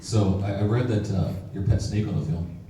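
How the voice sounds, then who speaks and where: A man asking interview questions haltingly, repeating words as he goes. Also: fairly low pitch, steady tone, background noise. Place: convention hall. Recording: echoey hall, mic far off, faint ambience.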